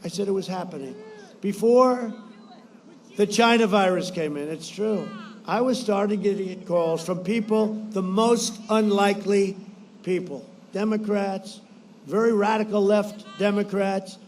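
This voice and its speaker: A man giving a rambling, boastful campaign rally speech, repeating phrases, shouting at times and mimicking others in quotes. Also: sits high, measured pace, slight background noise. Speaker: politician addressing supporters.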